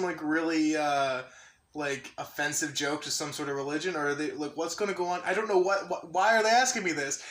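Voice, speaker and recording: A man's voice: sits high, bright, forceful tone, roomy sound. A young man telling a story in a rambling, giggly way, full of fillers and asides. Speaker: YouTuber. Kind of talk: casual storytelling vlog.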